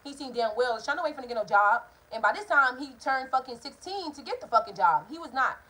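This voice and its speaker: A young woman telling a story to her viewers, animated and profane, talking straight to the camera. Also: high-pitched, fast, rough recording. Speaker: vlogger. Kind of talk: casual storytime vlog.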